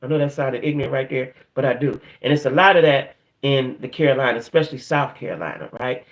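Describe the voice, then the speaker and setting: A man's voice: mid-range voice, quick pace. A man hosting a livestream in a casual, rambling chat, from the northern United States, who keeps checking in with the audience. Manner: rambling, chatty, keeps checking in with "right?" and "y'all". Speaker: livestream host.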